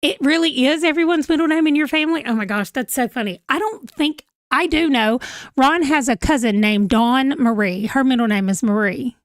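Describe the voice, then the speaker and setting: A woman's voice: high voice, fairly quick, no room sound, clean studio sound. Chatty, giggly woman streaming. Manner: chatty and giggly, reacting to viewer comments. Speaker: livestream host. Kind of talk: casual livestream chat reading comments. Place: home room, holding a pet.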